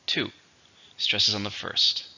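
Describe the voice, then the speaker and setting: A man teaching English vocabulary in a slow, patient, explanatory way. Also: pushed and bright. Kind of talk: vocabulary lesson. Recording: dull lo-fi recording.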